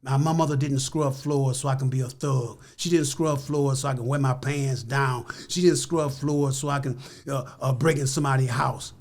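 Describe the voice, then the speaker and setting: A man's voice: medium pitch, steady tone, normal speed, hardly any pauses, a little mellow. An older man with a Chicago accent, an interview guest telling a heartfelt story in an emphatic, repetitive, preacherly way.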